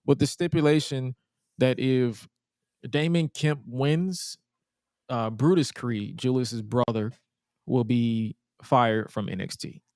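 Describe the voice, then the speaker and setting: A man's voice: mid-range voice, slow, a little mellow, smooth, no room sound, clean studio sound. A young man co-hosting a wrestling podcast in loose casual chat, slangy and given to repeating himself. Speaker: podcast co-host.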